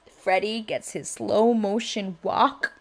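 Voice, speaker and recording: A woman casually recapping and reviewing a movie, chatty and excitable, peppering her talk with "like" and acting out bits of dialogue. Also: medium pitch, takes it slowly. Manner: chatty and excitable, heavy use of "like" and quoted dialogue.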